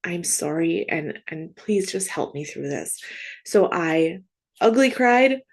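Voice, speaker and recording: A woman working as a Catholic grief coach, speaking in an earnest, gentle way, often asking "right?". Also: lowish voice, expressive, slow pace. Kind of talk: heartfelt faith monologue.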